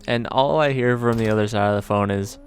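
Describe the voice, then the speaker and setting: A young man casually telling a story from his job, relaxed and conversational, with casual swearing. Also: on the low side, a little fast, background noise. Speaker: storyteller, video creator.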